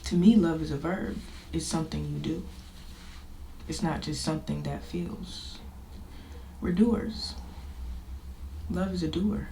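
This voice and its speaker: This podcast host has a deep, gravelly, mellow voice and a measured pace, with frequent pauses. She gets personal, talking informally and emphatically about her life in a reflective, confessional manner, recorded in an echoey room with faint noise.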